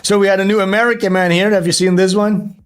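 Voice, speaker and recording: Man, stream host, crude and mocking, slightly high voice, quick bursts. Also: little pitch movement, smooth. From Europe. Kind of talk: casual livestream chat.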